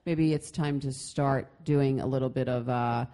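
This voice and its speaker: A woman with a notably low voice co-hosts a casual advice chat. She is middle-aged and talks in an animated way, circling back with restarts and fillers. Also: unhurried. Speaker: podcast co-host.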